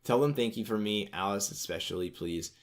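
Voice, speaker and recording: A man's voice: fairly low pitch, a little fast, pitched below the performer's own voice, natural voice. A man reading as a pleading teenage girl. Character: frightened teenage girl writing a farewell letter.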